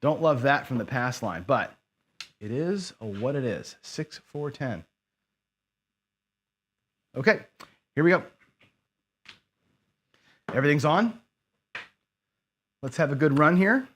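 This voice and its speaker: A man talking his way through a dice game on a live stream. His voice sits at an ordinary middle pitch. He mutters to himself, greets viewers in the chat and keeps up a loose running commentary. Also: expressive, slow, long pauses, fairly bright tone, husky. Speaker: craps streamer. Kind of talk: casual live-stream commentary while playing.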